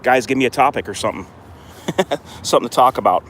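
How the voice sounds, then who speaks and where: A man's voice: fast talker, a bit bright. Man, casual rambling vlog, outdoors with his dog, handheld phone, faint street noise. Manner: chatty and rambling, lifts his voice high for dog praise. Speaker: dog owner vlogger. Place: outdoors by a fenced court.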